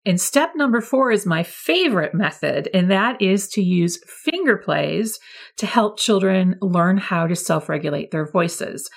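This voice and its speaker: Woman teacher with a gravelly edge. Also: lowish voice, a little slow. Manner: friendly, demonstrates voice levels with lively examples. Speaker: early childhood educator. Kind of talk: teacher training talk.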